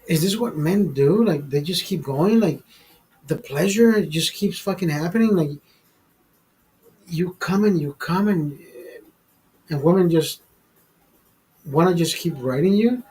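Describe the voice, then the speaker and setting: A man's voice: a little high, unhurried, pauses often, darkish tone, breathy edge, low-quality recording. A man hosting a live stream, telling a personal story in a rambling, profane way full of fillers and restarts. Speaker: show host telling a story. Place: studio.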